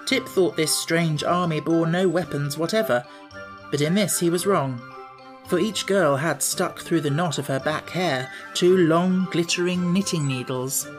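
A man narrating a classic children's story in a measured, even storytelling manner. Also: a little high, soft background music. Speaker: audiobook narrator.

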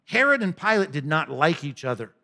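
Male pastor, conversational sermon delivery, animated and expressive, slightly high voice. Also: fairly quick, vocal fry. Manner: conversational, animated, humorous asides.

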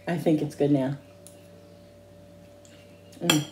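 A woman's voice: low voice, steady tone, drawn-out words. A woman chatting casually in a home cooking vlog, rambling with restarts and tasting hums. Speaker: cooking vlogger. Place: home kitchen. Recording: echoey kitchen with dish clatter.

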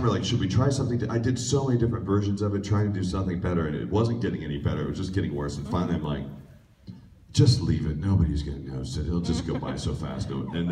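A man's voice: low-pitched, darkish tone. A man, a voice actor, talking casually and jokingly on a convention panel, rambling with lots of fillers. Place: large convention room. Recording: echoey hall recorded from far off.

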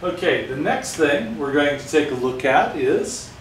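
Male science teacher, casual and jokey, roomy sound from a distant mic, slightly raised pitch. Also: lively intonation, measured pace, a little hiss or hum. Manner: chatty, joking asides to students. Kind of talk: casual classroom lesson.

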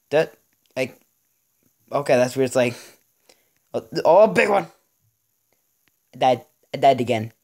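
A teenage boy hosting his own channel, chatting casually through a game, joking and narrating each move with little sound effects. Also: a little high. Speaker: gaming channel host. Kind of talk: casual gameplay commentary.

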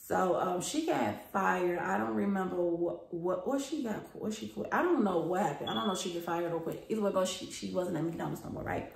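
A young woman with a low, gravelly voice spills a workplace storytime straight to her viewers. She talks in a loose, chatty, profane gossip style, and the sound bounces around a roomy space. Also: fairly quick, few pauses. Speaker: storytime vlogger. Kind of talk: casual storytime. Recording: roomy echo.

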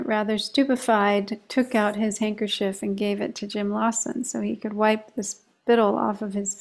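With a mid-range voice, a woman who teaches meditation tells a story in a calm, measured manner as part of a reflective discussion on meditation.

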